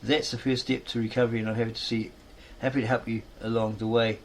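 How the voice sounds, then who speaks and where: A man voicing a calm, soothing young actress. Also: mid-range voice, a little hiss or hum, close to an everyday voice. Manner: measured, soothing.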